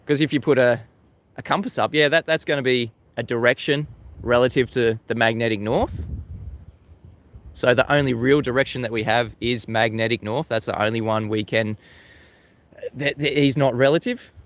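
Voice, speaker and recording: A man's voice: mid-range voice, steady tone, moderate pace. A man with an Australian accent hosting a casual livestream. He talks chattily to his viewers, laughs often, and repeats words as he restarts his sentences. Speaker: livestream host. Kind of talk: casual live-stream talk, reading chat. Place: outdoors facing the sea at sunrise.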